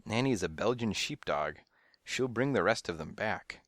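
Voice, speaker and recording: Storybook: teasing young woman, dry and sardonic, read by a male narrator, low voice. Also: expressive, moderate pace, a bit bright, dry recording.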